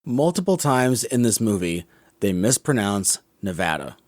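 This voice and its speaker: Low-voiced man musing over a film. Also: sing-song, measured pace, a little mellow, no echo, clean studio sound. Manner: musing, self-correcting, critical. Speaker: podcast co-host. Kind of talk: casual film discussion.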